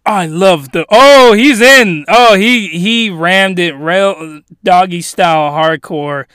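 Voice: mid-range voice, slow, fairly bright tone, smooth, no room sound, clean studio sound. A player joking and giggling while commenting on an adult visual novel. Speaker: game player. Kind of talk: casual play commentary.

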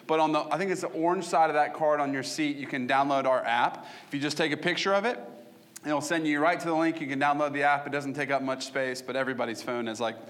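A man's voice: on the high side, fast. A man preaching as pastor to his church, easygoing and conversational, with frequent ums and restarts. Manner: casual, warm-hearted preaching with fillers and restarts. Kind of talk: sermon. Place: church sanctuary.

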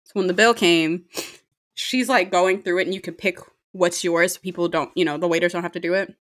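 A young woman telling a story about a date in a casual monologue, lively and profane, laughing often. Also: lowish voice, brisk. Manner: animated, swears freely, laughs often.

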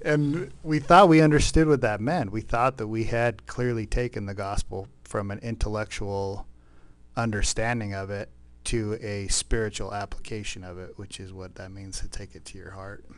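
A man's voice: lowish voice, fairly even intonation, moderate pace. A man co-hosting a faith podcast, telling a personal story in a reflective, thinking-aloud way. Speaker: podcast co-host.

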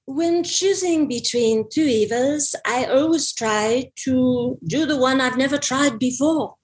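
A mischievous, worldly Frenchwoman speaks slowly in a put-on French accent, teasing her listener, as a woman puts her on. The voice is a little higher than her plain talk.

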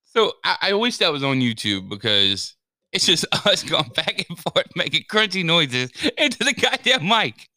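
A man's voice: fairly high pitch, sing-song, normal speed, bright, forceful tone, dry recording, clean studio sound. A man co-hosting a casual podcast, teasing his friend with wisecracks and laughter. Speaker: podcast co-host. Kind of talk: casual chat.

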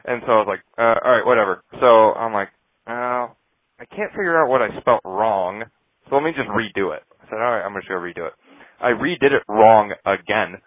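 Brief: male podcast co-host and pilot, lower register, profane and wry, tinny dry line. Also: lively intonation, fairly quick, no echo. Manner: profane, laughing anecdotes. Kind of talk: casual storytelling chat.

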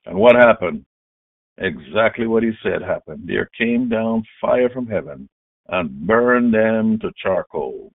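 A man preaching a sermon, retelling a scripture story with emphatic, dramatic delivery and loud exclamations. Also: on the low side, animated, normal speed, no room sound. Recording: tinny phone-like dry sound.

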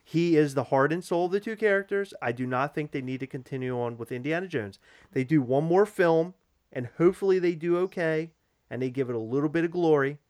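A man's voice: a little high, brisk, a little mellow, no echo, studio quality. A man co-hosting a casual podcast chat, arguing his opinions at length. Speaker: podcast co-host.

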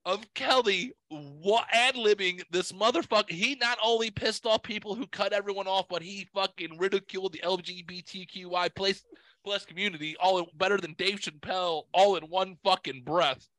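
A man hosting a podcast, telling a story in a casual, profane, animated way and acting out what others said. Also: high voice, moderate pace, dry recording. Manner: profane, animated, quotes people in voices. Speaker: podcast host.

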